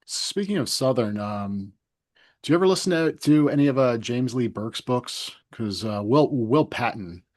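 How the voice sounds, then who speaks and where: A man's voice: mid-range voice, lively intonation, moderate pace, darkish tone. A man hosting an interview, asking short, easygoing questions. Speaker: interview host. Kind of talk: casual interview conversation.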